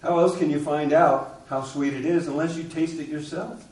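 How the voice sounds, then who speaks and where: A man's voice: a little high, steady tone, moderate pace, a little mellow. A man preaching a sermon, telling a story and asking the congregation questions. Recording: echoey room, distant mic.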